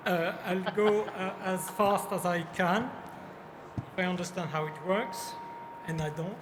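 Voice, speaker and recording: A man with a French accent giving a startup pitch on stage in a halting, apologetic way. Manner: halting, apologetic, hesitant delivery. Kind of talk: business pitch presentation. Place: large exhibition hall stage. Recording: echoey hall with background noise.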